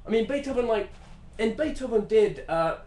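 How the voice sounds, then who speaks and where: A man riffing in a casual comedic monologue, animated and profane, rambling with fillers. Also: sits high, moderate pace. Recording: roomy echo.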